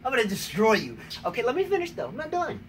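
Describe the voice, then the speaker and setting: A man's voice: very high-pitched, wildly swooping pitch, fast. An American man hosting a tennis talk show, playfully trash-talking his wife in a rambling, teasing way. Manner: teasing, rambling, repeats "number one, okay?". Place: outdoors on a rainy day. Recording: distant mic with faint ambient noise.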